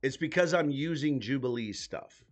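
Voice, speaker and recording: A man's voice: medium pitch, expressive, moderate pace, soft background music. Exasperated, profane man on a live stream. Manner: profane, exasperated, thinking aloud while clicking around. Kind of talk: casual live-stream commentary.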